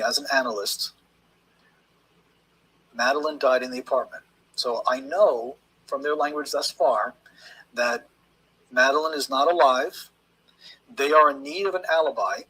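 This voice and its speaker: A man with a very husky, breathy voice and a forceful edge explains interview language point by point. He speaks as a statement analyst in a measured, emphatic teaching manner. His pitch sits a little higher than most men's. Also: low-quality recording.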